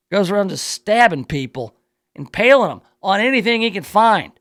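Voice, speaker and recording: A man's voice: high-pitched, expressive, normal speed, fairly bright tone, no echo. A male radio talk show host reading a news story aloud in a playful, riffing way, drawing out words for emphasis in his studio.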